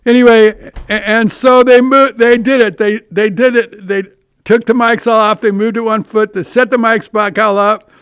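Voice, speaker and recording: A man's voice: high-pitched, level tone, moderate pace, a bit bright, clean tone, no echo. An older man hosting a podcast, telling rambling anecdotes in a casual monologue with frequent restarts and profanity. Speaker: podcast host.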